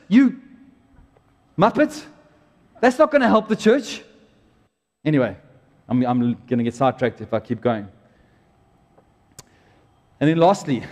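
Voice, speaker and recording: A man preaching a sermon to his church in a chatty, joking way with animated bursts. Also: on the high side. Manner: conversational, jokey preaching with animated outbursts. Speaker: pastor. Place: church auditorium. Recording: long hall reverb.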